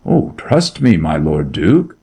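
A man's voice: a bass voice, big pitch swings, slow pace, gravelly, dark tone, husky, heavily acted. A man reading a story aloud, voicing a timid young shepherd boy who pleads in a frightened country dialect. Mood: eager.

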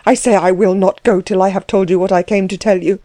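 A woman voicing an agitated, indignant young male tutor who bursts out in trembling, shrill tirades. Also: steady tone, a little fast, dark tone, no echo, lightly acted. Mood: furious.

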